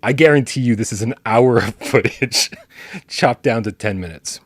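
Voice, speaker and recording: A male podcast host talking in a playful, joking way with quick asides. His voice sits mid-range and sounds close and dry, with no room echo. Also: medium pitch. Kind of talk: casual chat.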